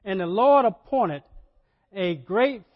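A man preaching a sermon, animated, repeating words and rising to loud emphasis. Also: high voice, takes it slowly. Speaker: pastor. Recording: dull lo-fi sermon audio.

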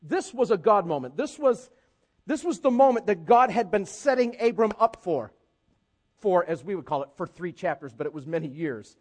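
High-pitched guy preaching in church, chatty and animated, acts out the bible people. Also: moderate pace. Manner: conversational, animated, acts out scripture characters. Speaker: pastor. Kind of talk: sermon.

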